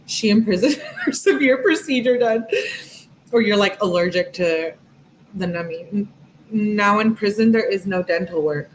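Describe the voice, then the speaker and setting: A woman's voice: fairly low pitch, slight background noise. A woman hosting a live stream, giving casual commentary in a sarcastic, mocking way and laughing often.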